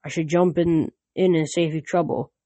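A man's voice: fairly high pitch, steady tone, normal speed, warm tone, no echo, natural voice. A man reading a storybook aloud and voicing a sad, ancient, hundred-handed male giant in a weary, mournful way.

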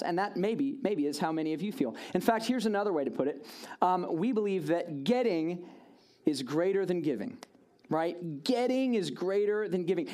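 A man's voice: high-pitched, a little mellow. A man giving a storytelling sermon to a congregation, casual and chatty, with lots of "like" and "right?" asides to his listeners.

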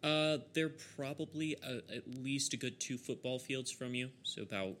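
A man's voice: medium pitch, moderate pace, fairly bright tone, a little hiss or hum. A man narrating as game master of a tabletop game, easygoing, with frequent chuckles and fillers.

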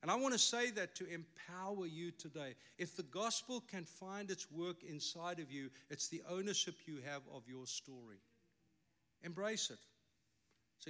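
A man with a South African accent preaches a sermon, his bright, slightly high voice carrying a forceful edge. He is an Afrikaans speaker and middle-aged. He delivers his points emphatically, with wry asides along the way. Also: normal speed. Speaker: pastor.

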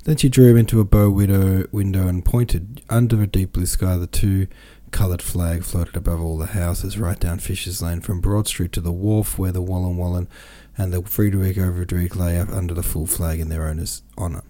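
A man reading a classic novel aloud for a podcast, with quick asides of his own between passages. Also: low voice, steady tone, mellow. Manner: reads with quoted dialogue and brief asides. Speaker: podcast reader.

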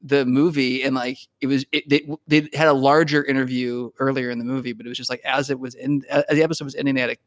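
A man's voice: medium pitch, little pitch movement, fast talker, hardly any pauses, no room sound. A man chatting casually as a podcast co-host, rambling with frequent restarts and laughter. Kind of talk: casual chat.

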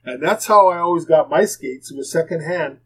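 A man's voice: fairly high pitch, normal speed, a bit bright, a little hiss or hum, rough recording. An older man, a former hockey player rambling through plainspoken anecdotes as a podcast guest. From Canada. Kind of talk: casual storytelling.

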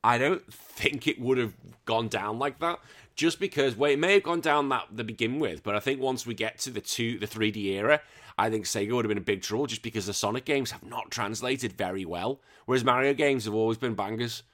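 A man chats casually as a podcast host. His voice is bright and forward at a middling pitch. He rambles excitably and swears freely. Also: fairly quick. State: recovering from illness. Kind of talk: casual chat.

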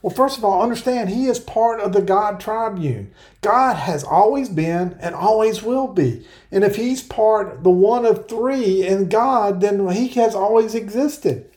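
A man preaching an earnest verse-by-verse sermon, explaining scripture and reading passages aloud slowly. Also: sits high, a little mellow. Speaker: pastor. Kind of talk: Bible-teaching sermon.

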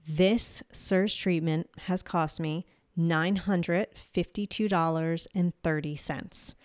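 A woman's voice: on the low side, smooth, dry recording, clean studio sound. A young adult woman with a New Jersey accent hosts a solo podcast, talking candidly and casually, swearing lightly and laughing at herself. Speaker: podcast host. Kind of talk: solo health podcast monologue.

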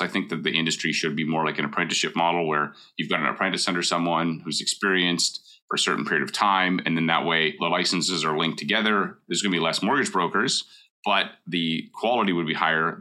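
A man's voice: low-pitched, pushed and bright. A middle-aged man from Canada, a mortgage broker giving blunt, emphatic advice in a casual talk and hammering home his points.

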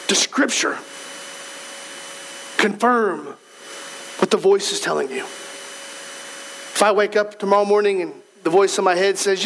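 A male pastor preaching a sermon in a church, with a strikingly high-pitched voice. He talks in a conversational way but leans hard on his points and addresses the congregation directly. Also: unhurried, vocal fry, long pauses, a bit bright, slight background noise, poor audio.

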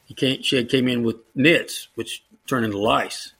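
A middle-aged man with a bright, crisp-edged voice of ordinary pitch tells stories from his military and teaching years. He talks casually and chuckles often, lifting his voice to act out the people he quotes. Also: normal speed. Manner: lively anecdotes, mimics quoted people in a raised voice. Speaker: retired Army officer, JROTC instructor. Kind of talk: storytelling in a conversational interview.

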